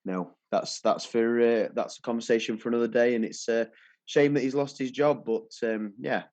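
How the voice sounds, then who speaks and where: A man in his thirties co-hosting a casual football podcast, chatty and relaxed with lots of fillers. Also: medium pitch, moderate pace, dry recording. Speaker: podcast co-host.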